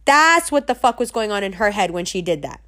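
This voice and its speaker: A woman's voice: mid-range voice, very animated, a little fast, pushed and bright. A middle-aged woman telling a story in a casual, blunt rant, heavy with slang and swearing. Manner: blunt, profane and emphatic; streetwise slang.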